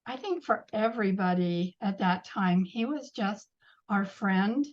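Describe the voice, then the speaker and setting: An older woman, a guest in a casual interview, reminiscing gently with a warm, unhurried manner. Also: medium pitch, lo-fi sound.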